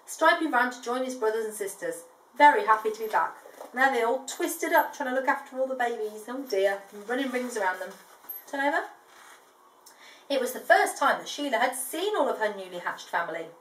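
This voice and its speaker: A woman reading a storybook aloud to a child, gentle, with chatty asides between pages. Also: fairly high pitch, animated, a little fast, slight background noise. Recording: echoey room, distant mic.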